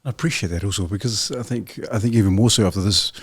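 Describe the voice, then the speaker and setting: A man's voice: on the low side, quick pace, slightly rough. A man, a podcast host asking long, earnest, rambling questions. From New Zealand. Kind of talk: interview questions.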